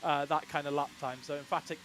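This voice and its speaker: Excitable man calling a sim race. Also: on the high side, heavy background noise. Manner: excitable, rising on fast laps, some restarts. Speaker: sim racing commentator. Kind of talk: live race commentary.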